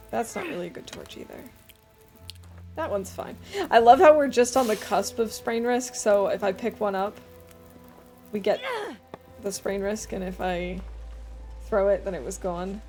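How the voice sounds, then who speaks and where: A woman's voice: mid-range voice, darkish tone. Woman streamer, chatty gameplay commentary, mid-range voice, faint music underneath. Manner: chatty, thinking aloud.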